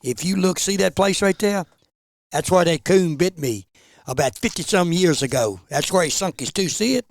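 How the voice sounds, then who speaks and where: A man's voice: high-pitched, normal speed. An older man telling a hunting story in a folksy, casual way. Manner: folksy, gets excited showing his scar.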